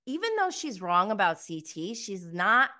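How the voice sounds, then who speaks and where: A woman's voice: mid-range voice, big pitch swings, moderate pace, sharp tone. A woman giving a casual recap review of a TV episode, gushing, giggly and exasperated by turns. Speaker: TV show reviewer.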